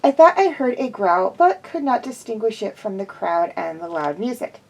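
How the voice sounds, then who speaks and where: A woman's voice: medium pitch, animated, moderate pace, vocal fry, poor audio. Woman reading a story, correcting slips. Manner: frequent slips and self-corrections. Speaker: reader of fan fiction. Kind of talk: amateur storybook narration.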